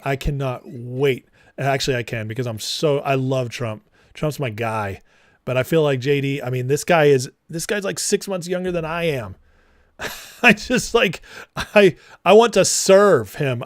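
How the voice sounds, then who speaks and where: A man's voice: fairly high pitch, no echo, studio quality. Fervent man hosting a livestream. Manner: fervent, preachy, reads chat comments. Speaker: political commentary host. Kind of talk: livestream commentary.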